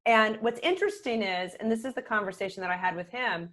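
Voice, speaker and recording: A middle-aged woman speaking as a podcast guest, a communication coach who talks in a calm, measured way and often drops to a quiet voice. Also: mid-range voice. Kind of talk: conversational podcast interview.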